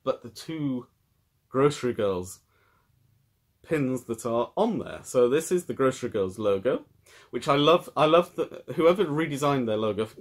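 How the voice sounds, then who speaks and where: A British man from the United Kingdom hosts a knitting podcast, chatting casually in a thoughtful, rambling way with frequent restarts. His mid-range voice has lively intonation and a measured pace.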